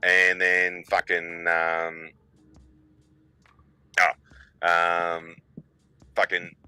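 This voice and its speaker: A middle-aged man rambles through crude, profane stories in casual chat. His voice sits low but has a bright, sharp edge. The sound is dry and close. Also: completely flat delivery, extremely slow, clear, resonant tone, no echo, low-quality recording. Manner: crude, profane storytelling with mocking put-on voices. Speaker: podcast co-host.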